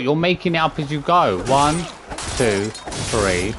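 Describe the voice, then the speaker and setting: A man's voice: medium pitch, lively intonation, a little slow, a bit bright, slight background noise. A man streaming a video game, exasperated, swearing and counting his button presses aloud. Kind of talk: live gameplay commentary.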